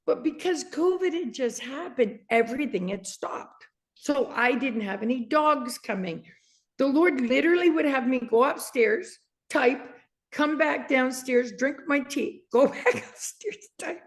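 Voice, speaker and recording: Speaking unhurriedly in a slightly high voice, this Canadian author in her sixties recounts a story as an interview guest. She's lively, laughs a lot, and performs the dialogue she quotes.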